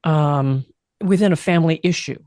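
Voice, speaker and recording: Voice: mid-range voice, normal speed, a little mellow, no echo, clean studio sound. An interviewer asking thoughtful questions in a casual chat, hesitating at times and laughing along.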